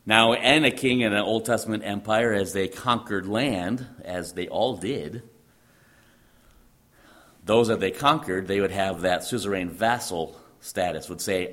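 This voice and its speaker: A man's voice: lowish voice, measured pace, a bit bright. A man preaching a sermon, teaching emphatically and repeating phrases for stress.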